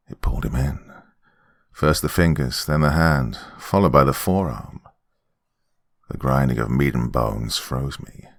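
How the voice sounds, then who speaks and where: A man with a very low, deep voice narrates a horror story in the first person. His delivery is measured and dramatic. The recording is dry and close, with no room sound. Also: vocal fry, dry recording. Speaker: horror podcast host and narrator.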